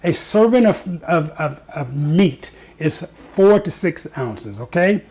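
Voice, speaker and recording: A man's voice: on the high side, lively intonation, takes it slowly, a little mellow, husky. A man hosting a casual home cooking show, chatting to viewers and joking at himself as he cooks in his kitchen.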